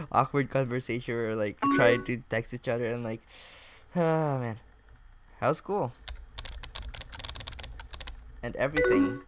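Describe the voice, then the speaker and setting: A young man casually commenting while playing a chat game, reading messages aloud, swearing and laughing often. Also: medium pitch. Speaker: gaming YouTuber. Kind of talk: casual let's-play commentary.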